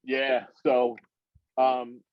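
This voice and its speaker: A middle-aged man spins a rambling story in casual podcast chat, his voice climbing high when he gets excited. The sound is muffled and dull, with a dry, close feel and no room around it. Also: extremely slow, no room sound. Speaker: podcast guest.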